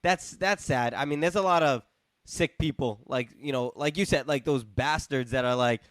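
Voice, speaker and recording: A man's voice: mid-range voice, moderate pace, fairly bright tone, no room sound. A man hosting a podcast, talking casually in a rambling way, repeating words and encouraging his guest. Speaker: podcast host. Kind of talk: casual interview chat.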